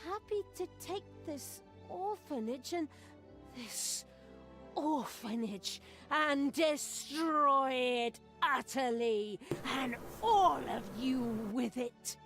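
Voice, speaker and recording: A high, slow-spoken young dark elf woman, gleeful in her wickedness, for a video game. She lingers over her words. Music plays behind her. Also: expressive, full character voice. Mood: gloating. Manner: sweet speech turning into villainous gloating.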